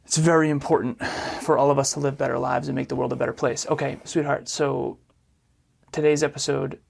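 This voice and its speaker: Upbeat male co-host with some vocal fry, casual podcast talk. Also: medium pitch, little pitch movement, a little fast, a little hiss or hum.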